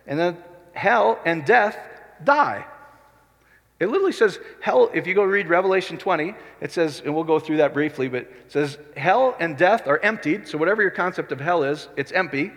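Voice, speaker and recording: A male pastor preaching a sermon in a conversational way, often rising to excited emphasis. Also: fairly high pitch, a little fast, long reverb tail.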